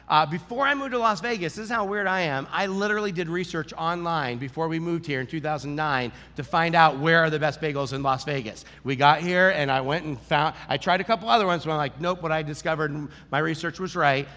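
A man preaching a sermon as a pastor, telling stories in an animated, joking way before a large audience. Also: fairly high pitch. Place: large church hall with audience. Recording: echoey hall reverb.

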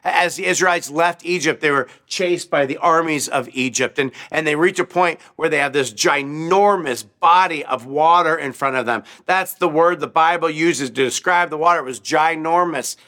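A man preaching a sermon, telling short stories in an animated way and asking his listeners questions as he goes. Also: a little high, moderate pace, hardly any pauses. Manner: animated, asks the audience questions, acts out crowd voices. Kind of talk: children's sermon storytelling.

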